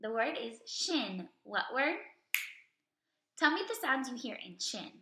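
A woman teaching first grade, reading a story and leading phonics with slow, clear, drawn-out words and questions for the children. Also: fairly high pitch, big pitch swings, reverberant, noisy background. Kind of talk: recorded reading and phonics lesson.

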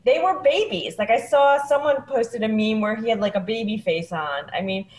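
A woman comedian in a casual chat. She tells stories in an animated way and laughs often, over a video call. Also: a little high, moderate pace, reverberant. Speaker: comedian co-host.

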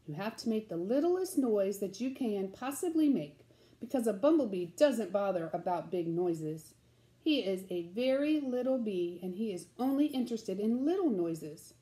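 A woman voicing a wise old male groundhog in a storybook, slow and instructive. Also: medium pitch, sing-song, mellow, natural voice, rough recording.

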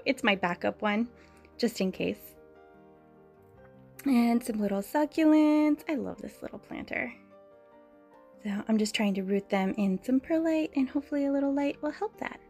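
A woman's voice: a little high, animated, moderate pace, creaky, darkish tone, faint music behind. A young woman chatting casually as she builds a plant shelf and shows her houseplants, laughing often as she talks. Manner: chatty and giggly, frequent small laughs. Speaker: plant vlogger. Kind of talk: casual DIY vlog narration.

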